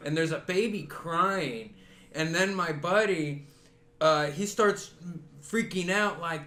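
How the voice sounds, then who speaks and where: Easygoing male co-host, slightly high pitch, echoey room, heavy crowd noise. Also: slow. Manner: rambling, relaxed storyteller with fillers. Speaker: podcast co-host. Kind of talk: casual chat among friends.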